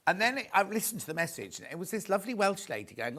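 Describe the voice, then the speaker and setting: Here the host's voice is high, sing-song, pushed and bright, and he talks fast. He's a man selling live on a shopping channel in a TV studio, gushing and rambling through the demo with plenty of side comments.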